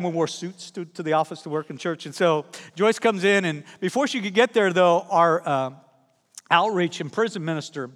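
High-voiced pastor preaching in a reverberant hall. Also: male voice. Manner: animated, humorous, acts out the people in his stories. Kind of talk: sermon with personal storytelling. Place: church sanctuary.

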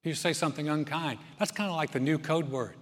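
A man's voice: fairly high pitch, brisk. A man from the States, preaching with folksy humor and often repeating words as he starts a thought over. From Southern United States. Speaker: pastor. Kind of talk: sermon with humor. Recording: long reverb of a large hall.

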